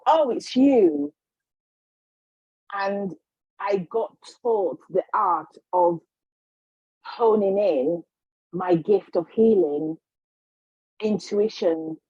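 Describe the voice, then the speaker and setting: Woman guest, storyteller who acts out the people she quotes, husky voice, dry slightly dull recording. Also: mid-range voice, no echo. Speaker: guest, healer and psychic. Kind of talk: storytelling in a casual interview.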